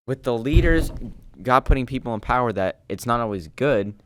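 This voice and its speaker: A man's voice: medium pitch, animated, normal speed, a little hiss or hum. A young man co-hosting a podcast, talking earnestly in casual chat and often restarting his sentences. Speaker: podcast co-host.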